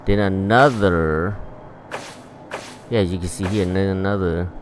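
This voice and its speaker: A man's voice: low-pitched, fairly even intonation, unhurried, slight background noise, poor audio. A man giving laid-back, rambling gameplay commentary, swearing freely as he plays. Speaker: gameplay streamer.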